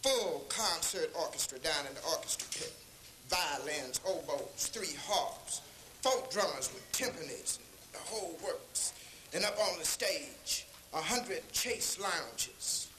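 A man telling comic stories on stage, drawing out lines and pausing before punchlines. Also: a little high, animated. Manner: slow, drawn-out delivery with pauses before punchlines. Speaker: stand-up comedian. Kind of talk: stand-up storytelling. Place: live club stage before an audience. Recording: echoey live room with audience noise.

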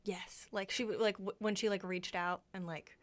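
A woman's voice: mid-range voice, fairly even intonation, normal speed. A young woman co-hosting a radio show, chatting casually with lots of fillers and giggles. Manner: chatty, fills talk with "like", giggly. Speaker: radio co-host. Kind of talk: casual chat.

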